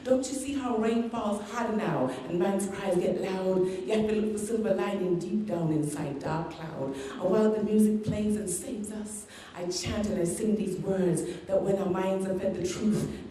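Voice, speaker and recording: A woman's voice: mid-range voice, moderate pace, hardly any pauses, dark tone, recorded from a distance, slight background noise. A woman with a Guyanese Caribbean patois accent, performing spoken word poetry with a rhythmic, emphatic delivery. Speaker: performance poet. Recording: echoey hall, heard from afar.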